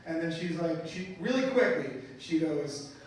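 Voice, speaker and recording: Brash high-voiced comedian in a club. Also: male voice, animated, measured pace, slight background noise. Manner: brash, profane, mock-outraged delivery. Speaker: stand-up comedian. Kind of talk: stand-up comedy set. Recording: roomy live club sound, mic heard from a distance, crowd. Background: audience laughter.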